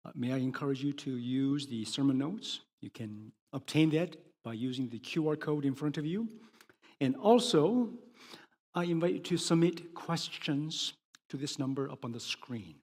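A man preaching a sermon, emphatic, swinging between loud declarations and hushed words. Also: medium pitch, normal speed. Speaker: pastor. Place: church sanctuary. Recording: long hall reverb.

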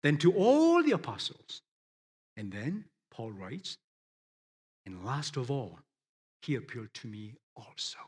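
A man's voice: medium pitch, sing-song, measured pace, long pauses, husky. A man preaching a sermon, addressing his listeners as friends and driving points home with emphatic rises and drops.

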